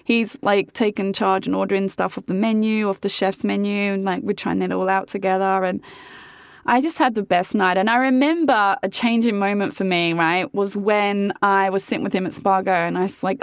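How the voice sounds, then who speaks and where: A woman's voice: medium pitch, steady tone, normal speed, creaky, clean tone, no echo, clean studio sound. A young woman vlogger telling a candid, chatty story about her relationship, full of fillers and swearing. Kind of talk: casual storytelling to camera.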